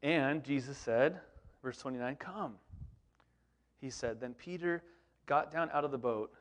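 A man preaching a sermon in a conversational, animated way, with frequent rhetorical questions to the congregation. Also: medium pitch, normal speed. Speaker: pastor.

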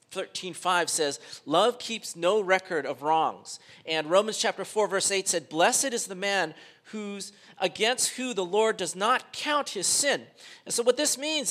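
Bright, high-voiced male pastor preaching. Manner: conversational preaching with frequent fillers and restarts. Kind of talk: sermon.

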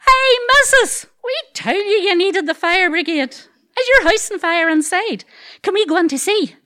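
A woman's voice: very high voice, measured pace, voice pushed up, full character voice. A woman doing cheeky wee boys. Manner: teasing, excited questions. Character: cheeky young neighbourhood boys, nosy and gleeful.

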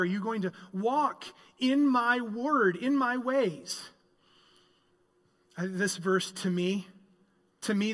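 A high, bright male voice preaching in a church sanctuary. He leans into key phrases and swells them with emphasis, and a long hall reverb trails each line. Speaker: pastor. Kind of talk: sermon.

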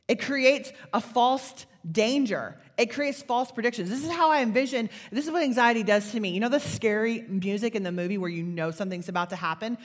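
A woman's voice: on the high side, a bit bright. A middle-aged woman gives an earnest, confessional faith talk to an audience. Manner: earnest, confessional, builds to fervent. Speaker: speaker. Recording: long hall reverb.

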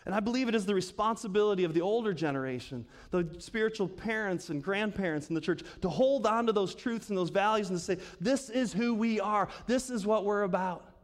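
High-voiced preacher in an echoing hall. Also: male voice. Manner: conversational, asks the congregation questions, laughs often. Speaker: pastor. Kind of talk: sermon. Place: church sanctuary. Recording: long reverb of a church hall.

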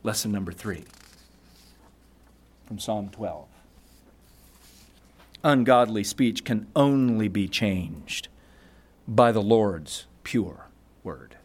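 A man's voice: lowish voice, expressive, very slow, pauses often, slightly rough. A man preaching a sermon, emphatic, asking the congregation rhetorical questions and reading scripture aloud. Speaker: pastor.

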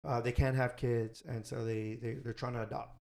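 A man's voice: medium pitch, little pitch movement, normal speed, gravelly, darkish tone. Young man rambling on his podcast. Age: young adult. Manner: rambling, self-correcting, recommends shows. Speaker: podcast host. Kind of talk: casual podcast chat.

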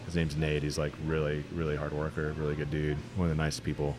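Deep-voiced laid-back young brewer. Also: male voice, fast, a crowd in the background. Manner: relaxed, rambling with many fillers and jokes. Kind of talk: casual chat.

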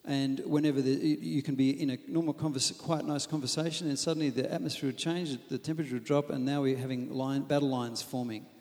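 A man's voice: mid-range voice, fast talker, few pauses. Man preaching in an echoing hall. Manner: animated, humorous preaching with quoted asides. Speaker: pastor. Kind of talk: sermon on marriage.

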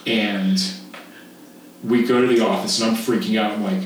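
A man in his fifties from Texas, a podcast guest telling a camp story in animated casual chat, laughing and swearing freely. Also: fairly low pitch, normal speed, pauses often. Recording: echoey room, distant mic, faint noise.

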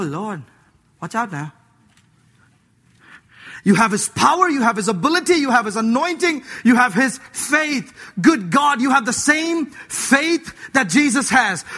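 A male preacher delivers a lively, joking sermon, slipping into acted voices and casual slang between verses. His voice sits very high and rings bright and forceful. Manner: animated, playful, acting out voices and laughing; mixes scripture with slang like "dude".

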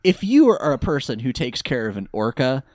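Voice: medium pitch, very animated, fairly quick, a little mellow, dry recording, studio quality. A podcast co-host giving wry, joking commentary while recapping an episode. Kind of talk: casual recap chat.

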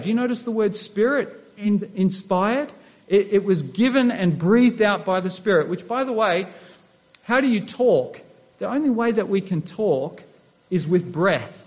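A man's voice: high voice, darkish tone. A middle-aged man, a pastor, preaching a sermon and asking his listeners questions as he teaches. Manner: asks the congregation rhetorical questions.

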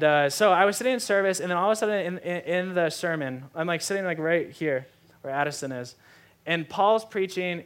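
A man's voice: high voice, fairly bright tone. A young adult man preaching a sermon, telling a personal story in a conversational way with many fillers like "like". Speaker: pastor.

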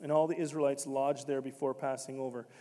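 A man preaching a sermon as pastor, swinging from quiet, conversational stretches to sudden loud, emphatic shouts. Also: medium pitch, flat delivery, fairly quick, in a large hall.

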